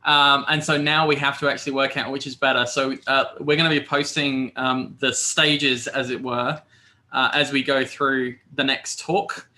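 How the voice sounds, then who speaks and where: Bright-voiced man hosting a video call. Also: medium pitch, normal speed. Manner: relaxed, chatty, loose fillers. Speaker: conference host. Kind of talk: casual livestream chat.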